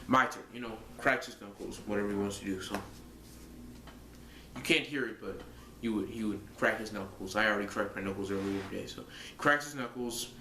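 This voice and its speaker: Talking fairly quickly in a lowish voice, a young man rambles through a casual fantasy-booking monologue for his vlog, stumbling into fillers and starting over often. Background noise and room echo are audible.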